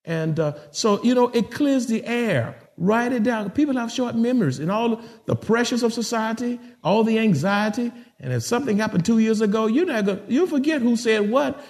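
A middle-aged man preaching a sermon as pastor, talking straight to his congregation in an animated, joking, conversational way. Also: sits high, moderate pace, hardly any pauses.

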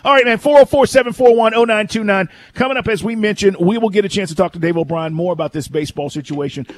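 A man with a high voice talks quickly as co-host of a sports radio show. He's energetic, reading station promos and the phone number between segments.

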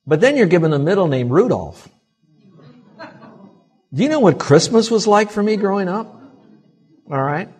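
A male pastor preaching a sermon to his congregation, swinging between loud exclamations and quiet asides. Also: high-pitched, big pitch swings, normal speed, long pauses, husky. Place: church sanctuary.

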